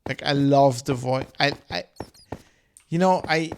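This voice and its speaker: A man's voice: medium pitch, measured pace, slight background noise. A man streaming a game, rambling in loose, casual chat full of swearing and fillers. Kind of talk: casual chat while gaming.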